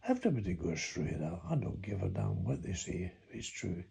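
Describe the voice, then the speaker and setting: A man's voice: deep voice, big pitch swings, normal speed, vocal fry, mellow, breathy edge. An older man with a Scottish accent telling a rambling, folksy story from his past. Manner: rambling, folksy, chuckling as he recalls. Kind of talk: reminiscing monologue.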